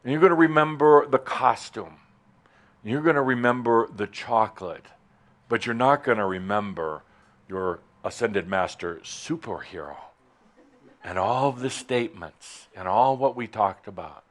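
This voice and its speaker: A man giving a spiritual talk to a live audience in a hall, playful and provocative, with big sudden leaps in pitch and loudness. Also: a little slow. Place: warm hall with doors, in front of an audience.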